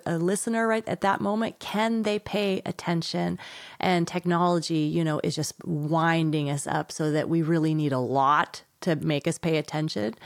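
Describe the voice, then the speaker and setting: An energetic woman speaks as an interview guest, explaining ideas in a low-pitched voice. She laughs easily and slips into playful children's voices. The sound is dry and close. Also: no room sound. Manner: energetic, laughs often, acts out kids' voices. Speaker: author and guest. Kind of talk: interview conversation.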